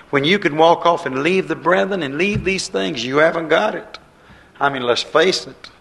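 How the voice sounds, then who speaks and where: A man's voice: on the high side, fairly bright tone, rough recording. Folksy male preacher in a sermon. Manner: folksy, repetitive, conversational preaching with colloquial grammar.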